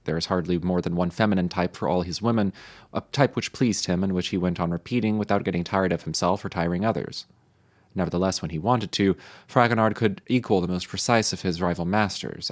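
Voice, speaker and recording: A man reading historical texts aloud in a measured, even manner. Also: sits low. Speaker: reader.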